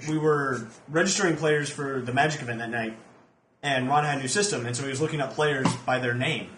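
A man's voice: mid-range voice, fairly quick, a bit bright. A man co-hosting a podcast in casual chat. He rambles and loses his train of thought. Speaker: podcast co-host. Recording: echoey room with faint noise.

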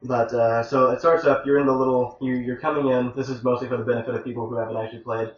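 A man's voice: medium pitch, level tone, quick pace. A man hosting a casual chat, rambling and restarting his sentences, and getting exasperated when his co-hosts interrupt him. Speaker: podcast host presenting a game review. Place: room shared with two co-hosts on a live stream. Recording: roomy, distant, dull lo-fi mic with faint noise.

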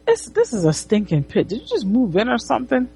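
A woman's voice: on the high side, huge pitch swings, brisk, mellow, breathy edge, voice pushed up, exaggerated voice. A woman voicing a blunt, dismissive young woman from a comic who says whatever she wants. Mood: brusque. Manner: brusque and dismissive. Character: blunt, foul-mouthed young woman who doesn't care.

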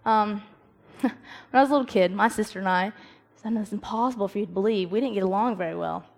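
A young woman gives a casual devotional talk to a youth group. She is animated, acts out quoted voices, and laughs at herself. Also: medium pitch, quick pace, vocal fry.

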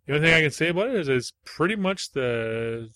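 A man co-hosting a casual movie-review chat, telling scenes with quick asides and loose swearing. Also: on the high side, animated, bright, forceful tone, no room sound, studio quality. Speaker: podcast co-host.

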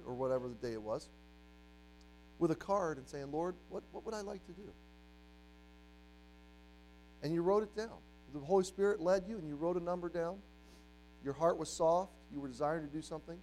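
A man in his forties preaching a sermon as a youth pastor, animated, acting out the voices of doubters and the devil. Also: fairly high pitch, a little fast, soft background music, rough recording.

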